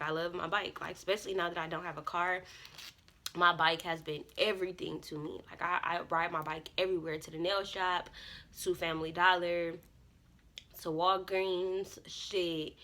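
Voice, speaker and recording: A young woman telling a casual storytime on her vlog. She talks in a bright, forceful way, full of curses. She bursts into loud, lively bits of her own self-talk. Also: fairly low pitch. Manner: animated, profane, swings into loud self-talk. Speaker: vlogger.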